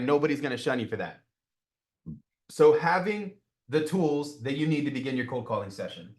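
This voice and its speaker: A man in his thirties coaching a live group on real estate cold calling, energetic and talking with his hands, often checking in with "right?". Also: a little high.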